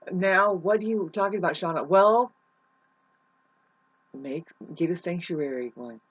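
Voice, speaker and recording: A woman with a husky, breathy voice rambles through a spiritual monologue. She gets excitable, leaps into loud outbursts, then drops to low mutters, and swears freely. The recording sounds dull and lo-fi. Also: slow pace. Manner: swears casually, many restarts. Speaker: vlogger.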